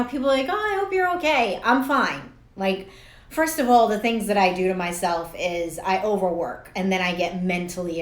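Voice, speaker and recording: A young woman talks casually to camera as a life coach, blunt and chatty, swearing freely and laughing at her own stories. Her voice sits at an ordinary pitch. The room gives it a noticeable echo. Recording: roomy echo.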